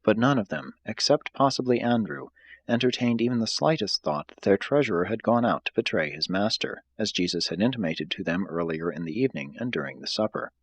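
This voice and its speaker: A man reads aloud at a steady, measured pace. His voice is low with a husky edge. The recording is dry and close, with no echo. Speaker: reader. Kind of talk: reading aloud from a book.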